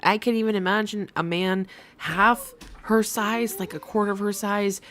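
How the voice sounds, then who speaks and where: A woman's voice: on the low side, fairly bright tone. A young adult woman hosting a casual commentary livestream, chatty and profane with laughing asides. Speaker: livestream host.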